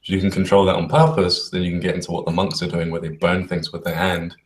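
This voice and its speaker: A man co-hosting a casual spiritual talk show, speaking in a relaxed, enthusiastic way. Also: deep voice, fast, recorded from a distance. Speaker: co-host.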